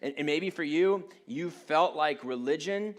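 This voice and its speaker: Man in his thirties, pastor, sermon storytelling, self-deprecating, halting restarts. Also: fairly high pitch. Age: 30s.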